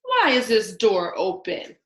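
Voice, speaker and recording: A woman voicing a big daddy bear in a storybook, reading his lines with a gruff, growling manner. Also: medium pitch, huge pitch swings, slow pace, fairly bright tone, roomy sound, full character voice.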